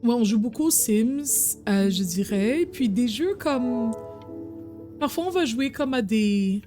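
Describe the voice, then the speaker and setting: A chatty bilingual woman streams a game, flipping between French and English as she reacts to the action over game music. Her voice sits fairly high, with a dark tone, and she sounds animated but unhurried in this casual livestream commentary.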